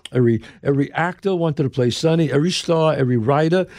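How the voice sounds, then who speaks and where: A man's voice: a little high, fast, no echo, clean studio sound. An older man from the Bronx with a New York accent, telling a story as an interview guest and acting out the people he quotes. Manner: lively, emphatic storyteller who acts out the people he quotes. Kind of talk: animated storytelling.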